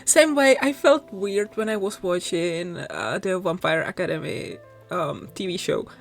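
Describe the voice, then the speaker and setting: A woman's voice: fairly low pitch, lively intonation, unhurried, creaky, faint music behind. A woman hosting a gaming channel, chatting casually over game play with a sore throat and a candy in her mouth, rambling and apologetic. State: sucking a mint candy, slight mouth sounds; sore throat, coming down sick.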